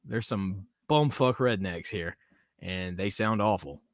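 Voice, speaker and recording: A man's voice: low-pitched, slow pace, no echo. Rambling Southern-living man, dry sound. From American South. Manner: rambling, laughs often, reads chat aloud. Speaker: podcast host. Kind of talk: casual live-stream chat.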